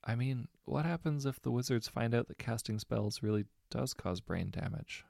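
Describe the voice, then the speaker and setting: A man's voice: mid-range voice, expressive, moderate pace, gravelly, a little mellow, no echo, clean studio sound. A man voicing an uneasy scientist who speaks hesitantly. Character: hesitant male scientist with a conscience.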